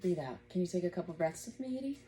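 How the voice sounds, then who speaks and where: A woman in her thirties teaching a gentle yoga class at home, guiding breaths patiently and encouragingly. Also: lowish voice, animated, very fast, soft background music.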